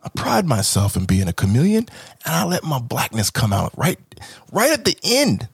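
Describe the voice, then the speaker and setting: A man's voice: mid-range voice, huge pitch swings, normal speed, vocal fry, breathy edge, no room sound, studio quality. A man from Kansas City, Missouri, hosting a podcast and telling a comic story, acting out voices and swearing freely. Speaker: podcast host.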